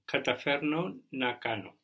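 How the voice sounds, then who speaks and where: Bright-voiced man answering a tutor. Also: mid-range voice, lively intonation, normal speed. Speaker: language student. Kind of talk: answering in a language lesson.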